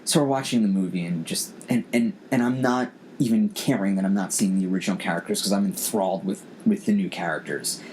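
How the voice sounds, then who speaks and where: A man's voice: sits low, fairly quick, hardly any pauses, a little mellow, a little hiss or hum. A man hosting a podcast, telling a personal story in an earnest, emotional way and often repeating his words. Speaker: podcast host. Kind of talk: casual storytelling chat.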